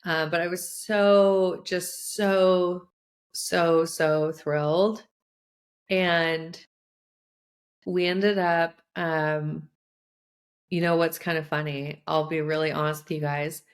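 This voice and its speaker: Chatty woman, low unhurried voice. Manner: chatty, animated retelling with many "like" fillers. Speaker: podcast host and coach. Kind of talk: personal storytelling.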